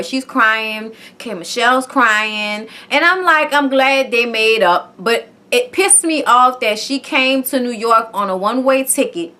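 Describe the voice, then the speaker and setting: A woman's voice: fairly high pitch, a little slow, hardly any pauses, sharp tone. A woman casually recapping a reality show, chatty and profane, tagging her lines with "okay?". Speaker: TV show reviewer.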